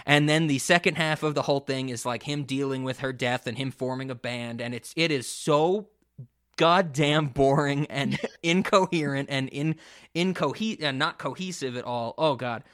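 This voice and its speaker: A man co-hosting a casual podcast who retells a story in a rambling, animated way, with frequent cursing and many restarts. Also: medium pitch, moderate pace. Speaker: podcast co-host.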